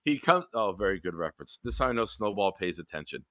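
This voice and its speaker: A man hosting a late-night live stream hangout, telling stories in a profane, animated way. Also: sits low, quick pace, no echo, clean studio sound. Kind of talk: casual late-night storytelling.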